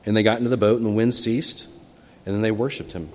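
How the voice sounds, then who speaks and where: A man's voice: lowish voice, fast. Man preaching in a reverberant church. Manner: expressive storytelling, acting out quoted cries with sudden loud rises. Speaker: pastor. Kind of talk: sermon. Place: church sanctuary. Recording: long hall reverb from a church.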